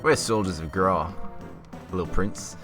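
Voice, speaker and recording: A man's voice: sits low, a little slow, a bit bright, distant mic. A young man voicing a sneering, bullying enemy soldier in a put-on Australian accent, over game music. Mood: taunting. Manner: mocking, bullying.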